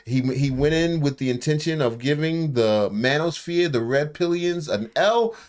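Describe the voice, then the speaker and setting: A man's voice: a little high, moderate pace. A man hosting a podcast, chatting casually in slang and joking about a viral clip. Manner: laid-back slang, joking, animated. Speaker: podcast host. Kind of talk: casual chat.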